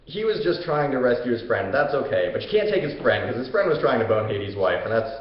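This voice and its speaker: A man's voice: medium pitch, very animated, fairly quick, close to an everyday voice. A man voicing a stern chorus of gods who lecture and scold. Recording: echoey room, dull lo-fi sound.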